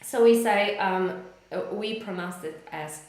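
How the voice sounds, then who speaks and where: A woman's voice: medium pitch, measured pace, very echoey. A woman with a Polish accent teaching a live online English lesson, chatting with viewers and reading out their comments. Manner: chatty, addresses viewers warmly, reads out comments.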